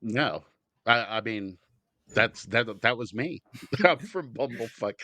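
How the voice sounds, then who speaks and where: A man's voice: medium pitch, lively intonation, slow, pushed and bright, dry recording. A man co-hosting a comedy podcast, reading out news stories and laughing easily. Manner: laughs easily, reads headlines aloud. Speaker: podcast co-host.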